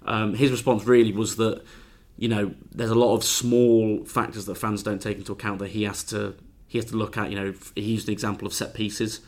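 Man, football reporter, low flat voice, fast, hesitant, casual podcast. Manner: hesitant, with many ums and restarts. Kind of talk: casual chat.

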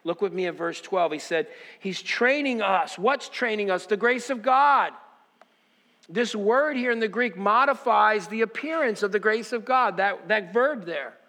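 A man preaching a sermon as pastor, asking the congregation rhetorical questions and moving between fervent exhortation and quiet personal storytelling. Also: high-pitched, lively intonation, measured pace, big-room sound. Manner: preaching with rising intensity, then quiet reflective storytelling.

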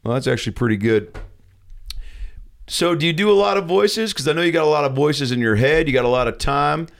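A man's voice: on the high side, animated, fairly quick, vocal fry. A man playing a brash, crude older male TV doctor hosting a talk show, rambling and leering. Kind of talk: improvised comedy sketch.

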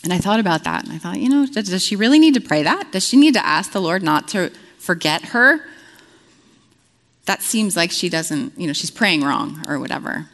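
A woman's voice: fairly low pitch, lively intonation, moderate pace, a bit bright, big-room sound. A woman preaching a conversational sermon, earnest and storytelling, with frequent fillers.

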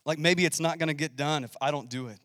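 A man preaching a sermon, emphatic, swinging between loud and hushed. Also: fairly high pitch, quick pace, dry recording, clean studio sound, in a large hall. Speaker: pastor.

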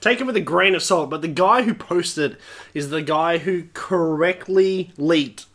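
A fairly high-voiced Australian man hosting a casual podcast from a couch. He opens the show and lays out the topics loosely, with an easy chuckle. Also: measured pace, a bit bright. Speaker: podcast host. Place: basement room, seated on couches.

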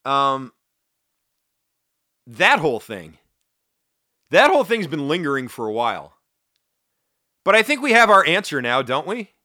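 A man's voice: on the high side, sharp tone, no echo, clean studio sound. A man hosting a solo podcast, talking in an emphatic, indignant way with sarcastic asides. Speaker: podcast host. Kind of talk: opinionated solo podcast commentary.

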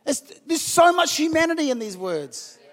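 A man from New Zealand preaches in a conversational sermon style and slips into emotional outbursts. His voice sits very high. It rings with a long reverb from a church hall. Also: sing-song, moderate pace, a bit bright. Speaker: pastor. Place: church hall with about a hundred people.

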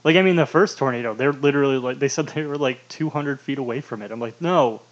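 Casting note: male podcast co-host, casual movie chat, rambly, full of "like", mid pitch, muffled lo-fi audio. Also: fast talker. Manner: rambling, fills with "like" constantly. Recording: dull lo-fi sound.

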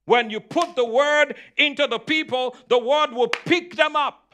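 A middle-aged pastor preaches with a very high, bright and forceful voice. He drives his sermon with call-and-response, asking questions and answering them himself. His key phrases come back again and again. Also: measured pace.

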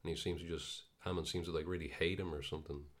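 A man with an extremely deep voice chats about a movie on a podcast. He is laid-back and thinks aloud, trailing off into fillers as he goes. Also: steady tone, fast talker. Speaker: podcast co-host. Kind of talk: casual film review chat.

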